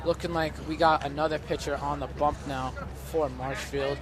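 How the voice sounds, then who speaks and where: A man calling a high school baseball game play by play, chatty and self-joking, his voice rising with the plays. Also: fairly even intonation, moderate pace. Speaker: play-by-play announcer. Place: outdoors at a ballfield. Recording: outdoor noise with passing traffic.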